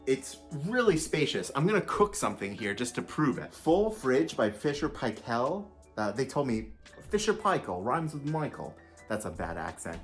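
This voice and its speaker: A man's voice: medium pitch, sing-song, normal speed, hardly any pauses, faint music behind. Upbeat chatty man touring a home. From Louisiana. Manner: upbeat, jokey, chatty with small restarts. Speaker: vlogger touring a backyard unit. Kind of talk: casual walkthrough tour. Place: small unit indoors and out, backyard.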